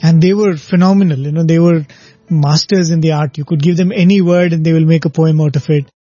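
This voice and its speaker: A man's voice: on the high side, fairly even intonation, a little fast, mellow, no echo. An older man recounting a spiritual anecdote in conversational storytelling, often laughing and saying "you know.". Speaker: guest recounting stories. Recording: slightly muffled recording with faint music.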